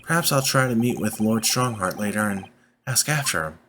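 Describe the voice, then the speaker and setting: A man's voice: lowish voice, lively intonation, moderate pace, fairly bright tone, soft background music. A man reading an earnest polite young man.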